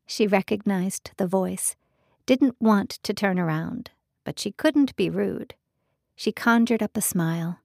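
Woman, audiobook narrator, measured storytelling, mid pitch, dry close studio. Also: vocal fry, a little mellow, no echo.

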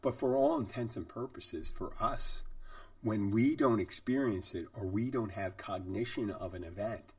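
Low-voiced man musing in a monologue. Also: normal speed, darkish tone, dry recording, recorded from a distance. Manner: rambling, conversational, with fillers. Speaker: podcast host and bartender. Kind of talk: reflective storytelling monologue.

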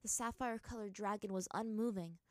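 A woman's voice: mid-range voice, a little fast, darkish tone, dry recording, clean studio sound. A woman reading fan fiction aloud as narrator, with dramatic storytelling.

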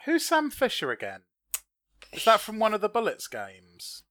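A man's voice: high voice, wildly swooping pitch, moderate pace, sharp tone, no room sound. A man co-hosting a podcast, trading dry jokes in casual banter. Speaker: podcast co-host. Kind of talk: casual chat.

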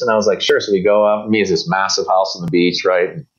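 A man's voice: deep voice, fairly even intonation, fast talker, highs cut off. A man being interviewed, telling long anecdotes in a casual, rambling way, with many fillers and restarts and quoted voices of other people. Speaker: guest.

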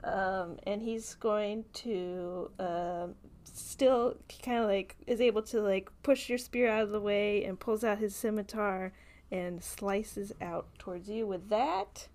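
A woman's voice: medium pitch, fairly even intonation, slow pace, darkish tone, a little hiss or hum. A woman narrating a tabletop game as game master, rambling with many fillers and laughing often.

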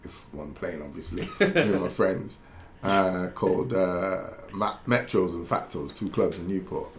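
A man's voice: deep voice, measured pace. A man, a former footballer, telling rambling stories in casual chat, laughing and correcting himself as he goes. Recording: roomy echo with faint background noise.

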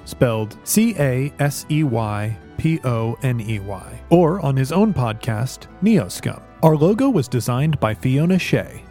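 A man hosting and running a tabletop game, reading the end credits and joking with his players. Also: mid-range voice. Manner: steady announcer-like credit reading; joking, laughing in banter. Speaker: host and game master. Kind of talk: reading end credits, then casual banter.

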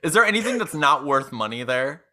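A man's voice: a little high, sing-song, a little fast, bright, forceful tone. A man playing in a tabletop game, talking eagerly and jokingly. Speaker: player. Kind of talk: tabletop role-play.

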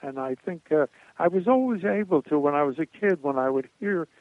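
A man's voice: fairly high pitch, lively intonation, brisk, dry recording. An older man, a guest in an interview, telling stories in a rambling way and chuckling now and then. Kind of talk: anecdotal storytelling interview. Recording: tinny phone-like line, dry.

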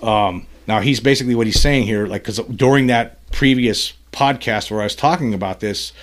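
Hosting a solo commentary podcast, a man with a lowish voice talks at normal speed. He rambles and gets heated, full of fillers and restarts.

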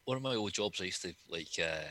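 Male co-host, very low pitch, sharp bright tone, joking banter. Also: expressive, quick pace, no room sound. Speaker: podcast co-host. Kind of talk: casual chat.

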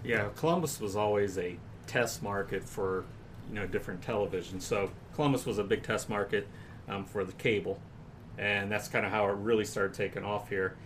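Low-voiced man explaining matter-of-factly. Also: normal speed, slight background noise. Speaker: podcast co-host. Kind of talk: casual chat.

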